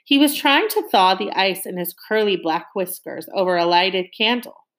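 Woman storybook reader, animated intonation, engages young listeners. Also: mid-range voice, moderate pace. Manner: lively, stops to ask listeners questions. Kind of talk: reading a novel aloud to young listeners.

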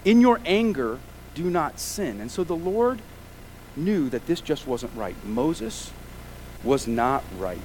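A man's voice: fairly high pitch, slight background noise, low-quality recording. A man preaching a sermon as pastor, emphatic and full of rhetorical questions.

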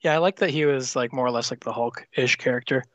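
Easygoing, fast-talking male co-host, dry close mic. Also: mid-range voice, a bit bright, no echo, highs cut off. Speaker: podcast co-host. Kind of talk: casual movie review chat.

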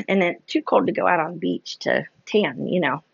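A woman chatting casually in a vlog, rambling and poking fun at herself. Her voice sits a bit low. The sound is dry and dull, like a lo-fi recording. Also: very animated, measured pace, gravelly, sharp tone, husky, no room sound. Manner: chatty, rambling, self-deprecating, heavy on "like" and "you know". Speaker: vlogger.

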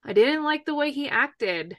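Blunt woman co-host, bright, tense voice, high-ish, dry close sound. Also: lively intonation, a little slow, dry recording. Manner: blunt, swears, exasperated rants. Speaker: podcast co-host. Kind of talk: casual chat.

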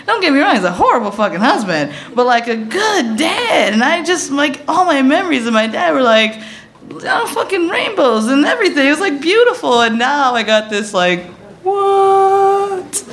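A woman in her thirties telling a personal story, animated and profane, often laughing as she talks. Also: high-pitched, a little hiss or hum.

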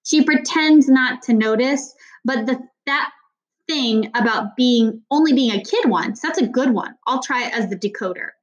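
A woman's voice: a little high, moderate pace, muffled recording, close to an everyday voice. A woman voicing a clever, eager girl. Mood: thoughtful.

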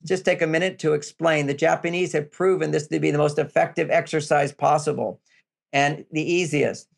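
An older man speaks as an interview guest, laying out advice step by step and repeating his key points for emphasis. His voice sits a little high and carries a gravelly edge. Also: fairly even intonation, normal speed. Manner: explanatory, repetitive, emphatic. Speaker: relationship author, guest.

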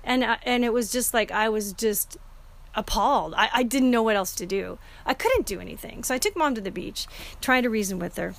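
A woman's voice: on the high side, expressive, a little fast, creaky. A middle-aged woman telling a personal story in a casual, earnest and emotional way, often restarting her sentences.

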